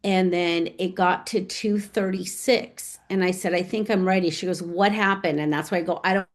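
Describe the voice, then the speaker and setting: A woman's voice: lowish voice, moderate pace. A middle-aged American woman, a real estate agent and author, telling stories in a casual interview and acting out remembered conversations. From United States. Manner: animated, acts out remembered dialogue.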